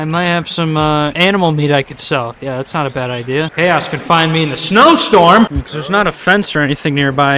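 A man giving live commentary on a video game, excitable, often yelling at what happens on screen. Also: a little high, a little hiss or hum. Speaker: gaming YouTuber.

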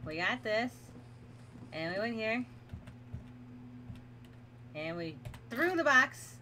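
This woman streamer, with a fairly high, sharp voice that swings widely in pitch, speaks slowly as she plays a horror game. She chats with viewers, laughs frequently, and nervously coaxes herself along, over a faint hiss or hum.

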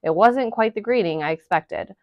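A woman reading a children's novel aloud to school families, in steady storytelling narration. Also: medium pitch, moderate pace, no echo. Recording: dull, dry lo-fi recording.

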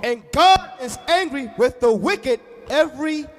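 A man reading Bible verses aloud in a measured way, in a reverberant hall. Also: extremely high pitch, expressive, a little hiss or hum. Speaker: scripture reader.

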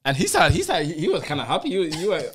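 A young man with a Dublin Irish accent, a podcast guest telling stories with halting restarts. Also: a little high, huge pitch swings, breathy edge. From Ireland. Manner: halting, laughing storyteller. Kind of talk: casual chat.

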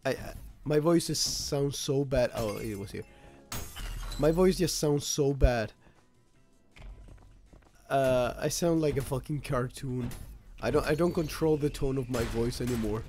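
Slow-talking swearing game streamer. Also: male voice, medium pitch, faint music behind. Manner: swears and reacts loudly while playing. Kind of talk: casual live gameplay commentary.

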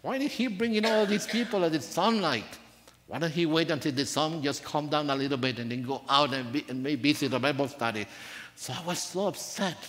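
A man delivers a sermon in a church sanctuary, speaking softly and earnestly at a middle pitch. His voice rings out with a long reverb off the hall. Now and then he leans into his words with rising emphasis. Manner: soft-spoken, earnest storytelling with rising emphasis. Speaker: preacher.

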